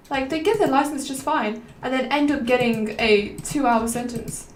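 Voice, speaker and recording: A woman's voice: sits high, normal speed, few pauses. Rambling woman streamer, roomy distant mic. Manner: rambling, musing aloud, drifting between topics. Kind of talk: rambling gameplay stream chat. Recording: roomy, slightly distant mic with faint noise.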